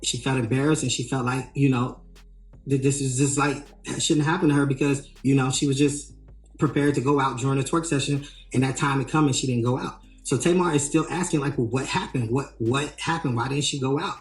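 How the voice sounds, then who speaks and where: A man working as a tour manager tells a story in an animated way, re-enacting what people said with emphatic rises. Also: mid-range voice, brisk. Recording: roomy echo, faint music.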